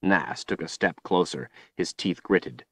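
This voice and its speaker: A man reading an audiobook in steady, grave scripted narration on a close studio mic. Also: deep voice, a little slow, no room sound.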